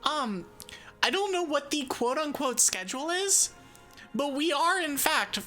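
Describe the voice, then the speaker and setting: Giggly, bright-voiced woman streamer. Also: sits high, expressive, a little slow, soft background music. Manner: bubbly, giggly, jokey and sarcastic. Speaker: VTuber streamer. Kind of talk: casual live-stream chat, answering chat.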